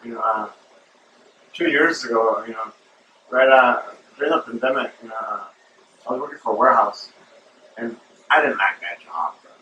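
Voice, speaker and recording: Host, male, rambling casual storyteller with a bright, forceful voice, recorded distant from the mic in a roomy space. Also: mid-range voice, moderate pace, long pauses, lo-fi sound, a little hiss or hum. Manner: rambling, filler-heavy, calls listener bro. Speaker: show host.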